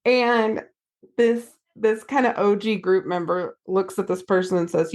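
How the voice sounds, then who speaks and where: An American woman therapist talks casually on a podcast. She tells stories in an animated way and acts out what people said. Her voice sits at an ordinary middle pitch. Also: unhurried. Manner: animated storyteller, acts out quotes. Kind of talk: casual storytelling chat.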